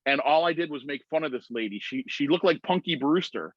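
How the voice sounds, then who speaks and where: Animated man telling a story on a call. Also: fairly high pitch, fairly quick, no room sound. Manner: animated storyteller, acts out voices of others. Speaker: guest. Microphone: video call. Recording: dry muffled video-call audio.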